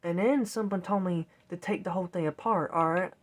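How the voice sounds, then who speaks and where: Gaming as she talks, this vlogger launches into a long, rambling story, sounding exasperated and voicing what she said to herself. She speaks a little fast in a lowish voice.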